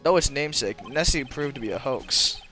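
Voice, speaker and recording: A man reading a male TV news anchor's lines in a measured, announcer-like way. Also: medium pitch, animated, bright, forceful tone, soft background music. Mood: formal.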